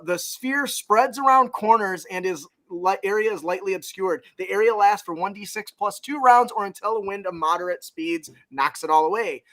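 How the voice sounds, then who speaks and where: Bright high-voiced man rambling about homebrew monsters. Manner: rambling, self-correcting, laughs often. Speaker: podcast host. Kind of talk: casual tabletop game podcast chat.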